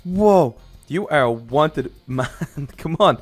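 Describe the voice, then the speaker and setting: A young man hosting a game role-play, narrating every move in character and getting loud and excited during the action. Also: fairly high pitch, takes it slowly, husky, faint music behind.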